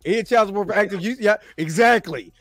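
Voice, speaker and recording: A man's voice: high-pitched, brisk, fairly bright tone. A man hosting a casual podcast, joking and giggling as he banters about film news. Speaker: podcast host.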